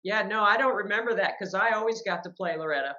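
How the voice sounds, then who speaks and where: A woman's voice: mid-range voice, fast, sharp tone. Woman host, enthusiastic, encouraging, dull lo-fi recording. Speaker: podcast host. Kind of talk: casual interview.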